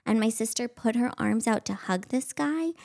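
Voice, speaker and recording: A woman's voice: on the high side, animated, normal speed, gravelly, darkish tone. A woman in her thirties hosting a podcast, telling a story in a chatty, self-mocking way with plenty of filler words. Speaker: podcast host. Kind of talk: casual storytelling.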